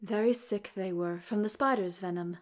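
A woman reading the part of a young male elf who speaks softly and formally, with halting pauses. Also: medium pitch, natural voice. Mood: hesitant. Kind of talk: audiobook character reading.

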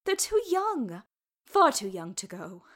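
A grieving dwarf mother, voiced by a woman reading aloud begs slowly and tearfully for her boys to stay. Her voice is mid-pitched and strained with pleading. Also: wildly swooping pitch, a bit bright, exaggerated voice.

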